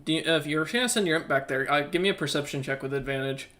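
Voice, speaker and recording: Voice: mid-range voice, quick pace, a bit bright. A laid-back game master running a tabletop game, laughing often with the players.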